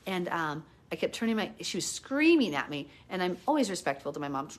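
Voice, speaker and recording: A middle-aged woman with a lowish, very animated voice delivers a live Bible teaching at a brisk clip. She chatters in a hyper way, dropping "like" constantly, then grows earnest and emotional while retelling a prayer from her story.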